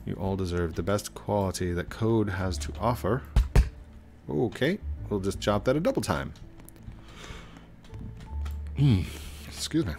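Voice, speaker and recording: Middle-aged male game streamer, low and relaxed, very animated, with faint music behind. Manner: rambling, playful, talks to himself. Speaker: gaming channel host. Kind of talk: casual gameplay commentary. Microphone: desk microphone.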